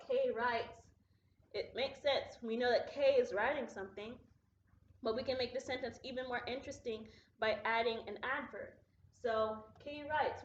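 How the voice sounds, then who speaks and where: A woman teacher giving a recorded grammar lesson to students at home, patient and deliberate, slowing down to model example sentences. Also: on the high side, a bit bright, a little hiss or hum. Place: classroom. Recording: echoey room, dull lo-fi sound.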